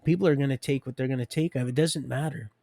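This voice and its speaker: A man's voice: mid-range voice, racing, vocal fry, dark tone, no room sound. A man hosting a livestream, rambling and preachy, talking straight to his viewers. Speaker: livestream host.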